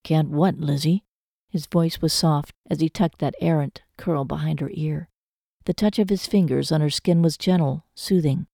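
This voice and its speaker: A woman narrating a romance novel audiobook in a measured, emotive storytelling manner. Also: sits low, vocal fry, warm tone, no echo, clean studio sound.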